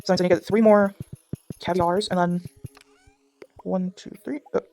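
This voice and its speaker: This gaming vlogger from Durban speaks at a moderate pace in a fairly low, steady, darkish voice, with a little hiss or hum audible. At home alongside her dog, the young South African woman chats casually over her game, rambling with many restarts and fillers.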